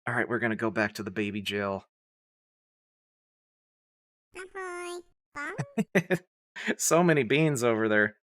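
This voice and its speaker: A live streamer chatting casually, excitable and prone to giggling while commenting. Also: medium pitch, unhurried. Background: music playing.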